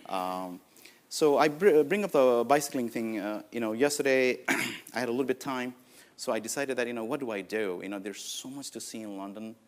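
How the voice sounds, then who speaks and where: A man in his forties from Nepal, with a Nepali accent, giving a conference keynote in an anecdotal, lively way with many "uh, you know" fillers. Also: mid-range voice, fairly quick. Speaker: conference speaker.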